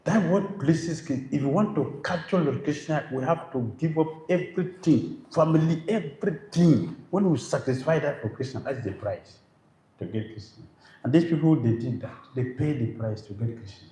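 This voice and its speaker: A man's voice: fairly high pitch, moderate pace, mellow. A man giving a devotional lecture as a monk, emphatic, repeating phrases and firing rhetorical questions. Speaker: monk preacher. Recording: roomy, faint background noise.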